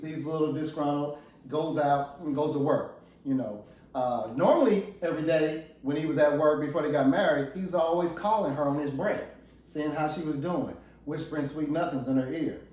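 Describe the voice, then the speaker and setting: A fairly high-voiced man tells a story in a lively, halting way, repeating and restarting his words. He sounds distant from the mic in a very echoey room. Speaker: minister co-hosting with his wife. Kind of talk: casual ministry talk show.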